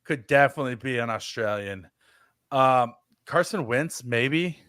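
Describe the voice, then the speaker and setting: A man's voice: mid-range voice, animated, measured pace, a bit bright, dry recording, clean studio sound. A man in his thirties on a podcast, telling stories in a rambling, self-deprecating way. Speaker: podcast co-host. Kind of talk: casual podcast chat.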